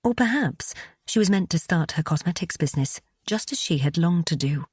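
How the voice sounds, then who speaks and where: A woman narrating an audiobook in a measured, even storytelling delivery, recorded close on a studio mic. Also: lowish voice, husky, no echo.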